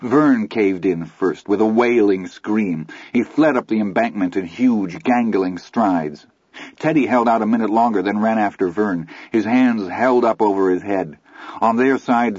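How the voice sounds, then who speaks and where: A man narrating a first-person audiobook story in a measured, grave manner. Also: on the low side, a little mellow, slightly rough, no echo. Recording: slightly muffled recording.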